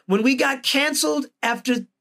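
A man's voice: extremely high pitch, normal speed, creaky, pushed and bright. A man hosting a podcast who talks earnestly and builds his points with emphasis. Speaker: podcast host. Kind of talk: casual podcast conversation.

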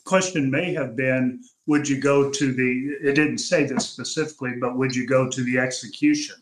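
An older man speaking as a podcast guest, measured and reflective, often restarting his sentences. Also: medium pitch, steady tone. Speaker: podcast guest, uncle of the family. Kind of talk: reflective interview talk. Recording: echoey room.

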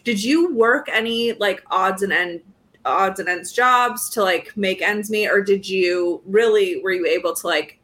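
A woman's voice: medium pitch, unhurried, fairly bright tone. Midwest woman cohost, asks curious questions, lots of likes, casual chat. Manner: curious questioner with frequent fillers. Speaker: podcast co-host.

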